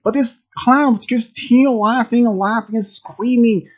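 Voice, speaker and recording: A storyteller from Sweden telling a first-person horror story, halting, with restarts and phrasing. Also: mid-range voice. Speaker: channel host telling a story.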